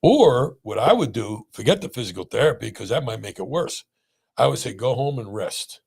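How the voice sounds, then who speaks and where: A man's voice: medium pitch, moderate pace, vocal fry, breathy edge. A middle-aged man, a pain doctor hosting a podcast, telling stories in casual chat and acting out the people he quotes. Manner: animated, acts out quoted voices.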